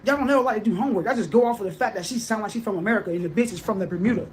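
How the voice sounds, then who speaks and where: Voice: medium pitch, very fast, a little hiss or hum. A speaker in a played clip delivering an angry, insulting, profane casual rant.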